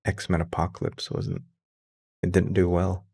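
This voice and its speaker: A man's voice: sits low, completely flat delivery, a little slow, creaky, darkish tone, slightly rough. A man co-hosting a podcast in casual, laid-back chat. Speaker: podcast co-host.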